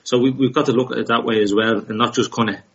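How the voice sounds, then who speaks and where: A man of ordinary pitch weighs up football talk in a measured, reasoning way, often restarting his sentences. The sound is slightly muffled and lo-fi. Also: steady tone, a bit bright. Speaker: podcast co-host. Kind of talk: casual football chat.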